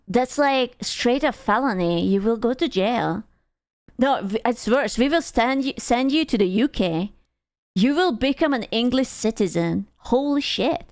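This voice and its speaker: A woman streamer chatting casually with her viewers, playful, swearing freely and laughing often. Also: a little high.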